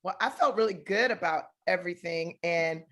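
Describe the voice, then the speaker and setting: A woman in her thirties tells a story on a talk show, comedic and expressive. She acts out the exchanges she describes with lively, shifting delivery. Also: lowish voice, normal speed. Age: 30s. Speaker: actress, guest.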